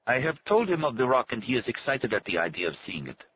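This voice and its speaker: A man's voice: medium pitch, sing-song, fast, dull audio, slight background noise, pitched above the performer's own voice, close to an everyday voice. A man voicing a sad, haughty native servant who speaks in formal, stately phrases. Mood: solemn. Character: solemn, haughty male native servant and guide. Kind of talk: audiobook character voice.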